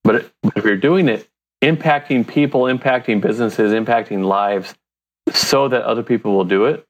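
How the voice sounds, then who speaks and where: A man's voice: medium pitch, moderate pace. A man from the United States, a company founder and interview guest, telling stories casually, laughing often and acting out his own thoughts.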